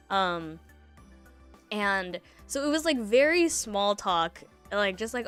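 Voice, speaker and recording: A woman's voice: mid-range voice, lively intonation, moderate pace, fairly bright tone, clean tone, faint music behind. A young woman streamer telling a story in casual chat, rambling with lots of fillers and laughs between thoughts.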